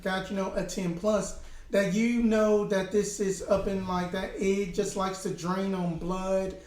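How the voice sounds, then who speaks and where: A man running a tabletop horror game as game master, explaining rules in halting, repetitive bursts. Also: high voice, flat delivery, a little mellow. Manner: halting, repeats words while explaining rules. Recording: echoey room, distant mic, faint noise.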